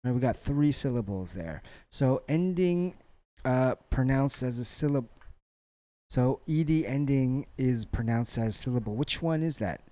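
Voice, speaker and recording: A male English teacher leads a college lesson at a slow, deliberate pace. His voice is mellow and low in tone, recorded dry and close. He keeps checking in with a quick "right?" after each cue word. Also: lively intonation, no room sound.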